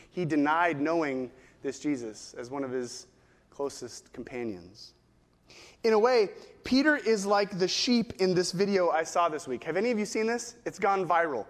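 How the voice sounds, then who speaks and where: A middle-aged male pastor delivers a sermon with a notably high voice. He moves through stories and acted-out quotes. The sound carries a long reverb, as in a large church hall.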